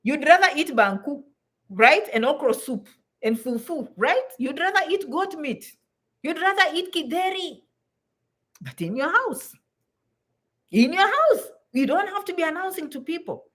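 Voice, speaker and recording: Woman, high voice, blunt, emphatic, repeats herself for stress, advice vlog. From Africa. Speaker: vlogger giving advice to immigrants. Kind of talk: direct-to-camera advice talk.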